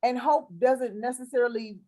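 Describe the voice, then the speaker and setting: A woman with a high, bright-sounding voice hosts a faith-based conversation. She speaks in an encouraging, affirming cadence that rises like a preacher's. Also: fairly even intonation, moderate pace.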